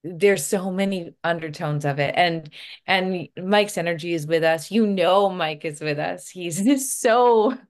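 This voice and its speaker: Low-voiced woman hosting an interview. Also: a little slow. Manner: warm, reflective, supportive. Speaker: host. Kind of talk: interview conversation.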